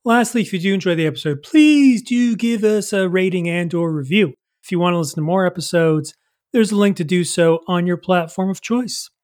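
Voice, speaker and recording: Male quiz host, high-pitched, playful and animated, hosting a casual comedy podcast. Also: a little fast. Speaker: quizmaster host.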